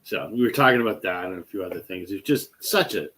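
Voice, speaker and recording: A man hosting a casual chat, retelling a story in an animated way and acting out what people said. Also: low-pitched, fast talker. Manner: animated retelling, acts out quoted speech; fillers and restarts. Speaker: host.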